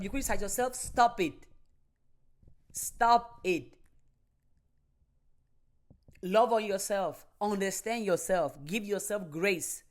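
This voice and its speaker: A woman delivering a motivational monologue, slow and deliberate, repeating and building her phrases with emphasis. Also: on the high side. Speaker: motivational speaker.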